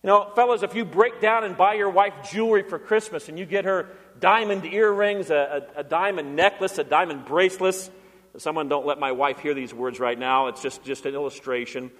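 A man's voice: a little high, fairly even intonation, a little fast, fairly bright tone, big-room sound. A man preaching a sermon as pastor, earnest, now and then acting out the voices of people he quotes.

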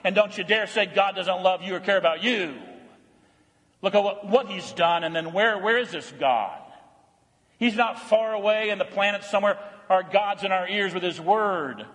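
A man preaching a sermon, swinging between loud, emphatic declarations and soft, hushed tenderness, repeating phrases for emphasis. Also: high voice, moderate pace, long reverb tail. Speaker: pastor. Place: church.

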